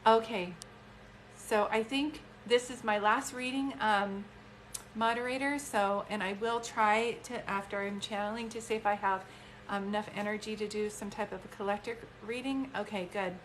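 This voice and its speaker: A woman's voice: medium pitch, fairly even intonation, normal speed, a little hiss or hum. Chatty heartfelt woman in her fifties. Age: 50s. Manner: chatty, heartfelt, many fillers. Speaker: psychic medium. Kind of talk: live-stream reading, casual chat.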